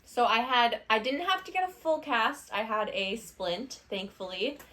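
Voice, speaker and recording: A woman's voice: on the high side, expressive, measured pace, bright, forceful tone. A woman in her late twenties, co-hosting a podcast and telling stories in a chatty, friendly way. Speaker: podcast co-host. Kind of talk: casual chat.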